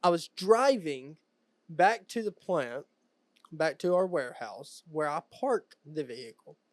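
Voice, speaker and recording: Young male podcast co-host, high voice, animated and laughing, dry close sound. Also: unhurried, dry recording. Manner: animated storytelling, laughs often. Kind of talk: casual chat.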